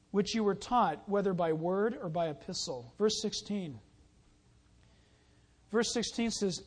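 A high-voiced man preaching a sermon. He moves between reading scripture and telling a lively personal story, calling out loudly when the story peaks. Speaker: pastor.

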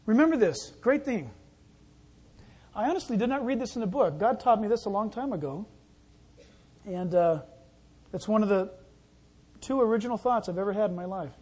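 A male pastor delivering a sermon in a folksy, conversational manner. His voice sits high and sounds somewhat husky. He slips easily into little acted asides. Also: lively intonation, normal speed, long pauses, a little mellow.

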